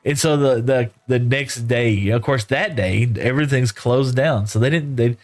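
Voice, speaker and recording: With soft music in the background, this middle-aged West Texas streamer speaks at a normal pace in a medium-pitched voice. He rambles through a long story in a relaxed, folksy style, leaning on "you know" and "right?".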